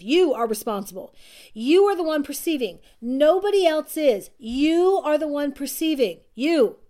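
A woman's voice: high-pitched, a little mellow. A woman coach giving an earnest, repetitive self-help talk to her listeners, often laughing at herself.

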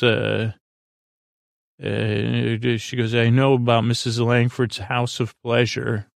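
Man, gravelly voice, flat delivery, rambling episode recap, dry close sound. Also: medium pitch, no room sound. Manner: halting, many fillers and restarts; quick flat retelling of scenes and lines. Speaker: podcast host recapping an episode.

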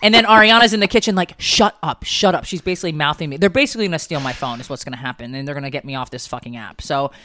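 Chatty middle-aged woman, slightly low voice. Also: racing, hardly any pauses, sharp tone, a little hiss or hum. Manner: chatty, rambling, self-mocking. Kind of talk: casual family chat.

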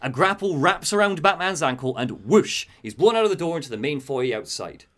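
A man's voice: on the high side, lively intonation, a little fast, fairly bright tone. A man hosting a podcast, animatedly retelling a video game's story and laughing often. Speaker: host.

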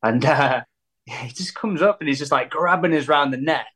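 Lively musician telling stories. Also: male voice, fairly high pitch, moderate pace, breathy edge. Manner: animated, laughing storyteller who acts out quotes. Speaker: musician guest. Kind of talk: casual anecdote telling.

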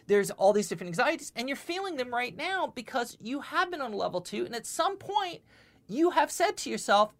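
A woman's voice: on the high side, moderate pace. A woman giving a spiritual lecture and answering questions, talking with lots of repeated words and frequent "okay?" checks. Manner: animated, repeats words, often asks "okay?". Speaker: spiritual teacher.

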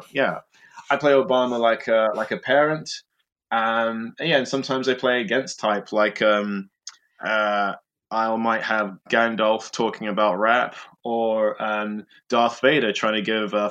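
A man's voice: on the low side, steady tone, unhurried, fairly bright tone, dull audio. A male improviser explaining how he builds celebrity impressions, talking casually and thoughtfully with many fillers. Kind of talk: casual interview talk.

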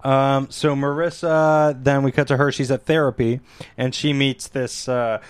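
A man casually recapping a TV episode for a podcast, rambling and sarcastic, full of ums and quick silly voices. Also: mid-range voice, flat delivery, clean tone, dry recording. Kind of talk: casual chat.

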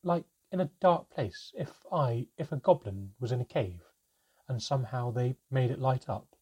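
A man's voice: medium pitch, moderate pace, darkish tone, slightly rough, voice pushed up, close to an everyday voice. A man voicing a timid, curious young goblin child who asks nervous, breathless questions.

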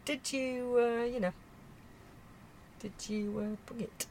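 A woman's voice: on the high side, steady tone, slow pace, a little hiss or hum. A woman voicing a prim, well-to-do woman who frets hesitantly about her standing in a comedy podcast sketch. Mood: fretful. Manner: hesitant, fretful, hushed.

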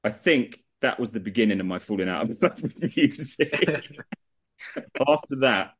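A young man, a guest on a casual chat show, telling animated anecdotes and laughing through them. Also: medium pitch, a little slow, breathy edge. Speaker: guest, music promoter.

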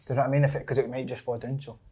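A Scottish podcast host talks fast in a slightly husky voice. He tells dressing-room stories with giggles and asks his guest plenty of questions. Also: mid-range voice, level tone, warm tone. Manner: chatty, giggly storyteller. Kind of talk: casual podcast chat.

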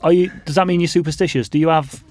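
A man hosting a podcast, asking quick questions and giving short prompts. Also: fairly high pitch. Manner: brief prompts and questions, lively. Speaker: podcast host. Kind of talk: casual interview chat.

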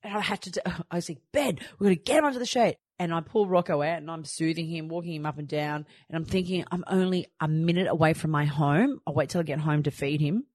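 This Australian woman in her thirties has a low, darkish voice with fairly even intonation, talking fast with hardly any pauses. The clean studio recording has no room sound as she hosts a podcast, casually telling stories and acting out her own lines.

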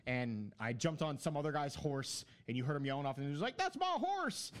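A man's voice: medium pitch, quick pace, smooth. A man in casual chat, telling long rambling stories about a video game with many fillers.

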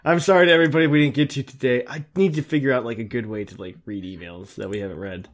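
A man co-hosting a casual podcast, laughing often and reading listener emails aloud with halting fillers. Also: medium pitch. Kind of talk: casual chat.

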